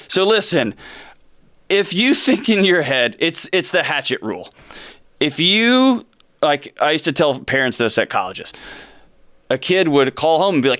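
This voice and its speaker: A middle-aged man hosting a talk show from a studio, talking with animated energy and sarcastic, joking asides. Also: medium pitch, brisk, clean tone. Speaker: host. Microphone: close studio mic.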